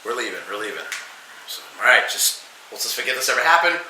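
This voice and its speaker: A man's voice: mid-range voice, quick pace, reverberant, a little hiss or hum, low-quality recording. Man telling a profane bar story. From New England. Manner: animated, profane, acts out quotes. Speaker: podcast guest. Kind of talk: casual storytelling.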